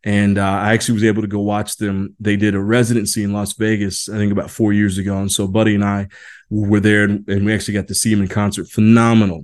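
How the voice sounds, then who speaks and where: 40s guy from indiana talking leadership on his podcast, kinda low voice, rambles and restarts a lot, says y'all. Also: a little mellow. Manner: rambling, many restarts and fillers, folksy "y'all". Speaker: podcast host. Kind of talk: casual monologue.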